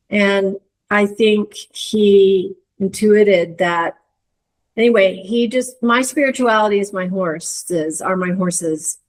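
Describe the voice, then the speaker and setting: A middle-aged woman, a guest in a conversation, telling a reflective story with many restarts and searching pauses. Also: medium pitch, poor audio. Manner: earnest, searching, lots of hedges and restarts. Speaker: interview guest.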